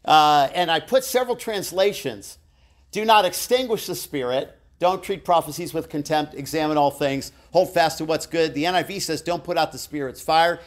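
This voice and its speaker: A man's voice: a little high, normal speed. A middle-aged man teaching a live church Bible class, telling personal stories in a chatty, self-deprecating way with asides to his listeners.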